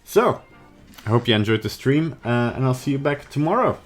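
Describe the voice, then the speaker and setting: A man hosting a casual live stream, rambling in a relaxed way with many fillers. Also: mid-range voice, normal speed, faint music behind.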